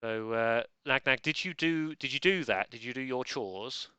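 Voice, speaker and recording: Bright, clear-voiced playful quiz host man. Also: mid-range voice, moderate pace, no echo. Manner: playful, chatty, self-interrupting asides. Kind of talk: casual live quiz hosting.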